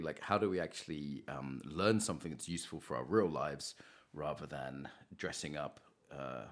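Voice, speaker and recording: A man being interviewed as a podcast guest, talking loosely and acting out little quotes, with a casual swear now and then. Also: very deep voice.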